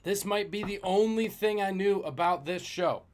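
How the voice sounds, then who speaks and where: Upbeat male trivia host, slightly high voice. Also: moderate pace. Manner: lively, jokey, chatting with viewers between questions. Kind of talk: live-streamed trivia hosting.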